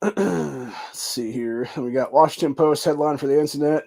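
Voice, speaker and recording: A man's voice: a little high, moderate pace, gravelly, darkish tone, breathy edge. A man hosting a podcast, rambling in casual commentary with lots of swearing and filler phrases. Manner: rambling and profane, full of fillers. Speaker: podcast host.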